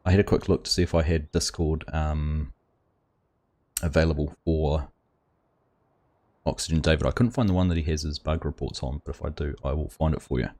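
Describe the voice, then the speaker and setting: A man's voice: rumbling low, steady tone, a little fast, pauses often, mellow. A man hosting a casual game livestream, chatting and greeting viewers by name. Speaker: livestream host. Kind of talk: casual livestream chat while gaming.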